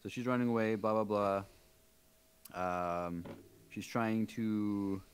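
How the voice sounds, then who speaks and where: Smooth low-voiced man recapping casually. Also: steady tone, takes it slowly. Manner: rambling recap with fillers, reading from notes. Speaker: podcast co-host recapping the episode. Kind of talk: casual chat. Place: home.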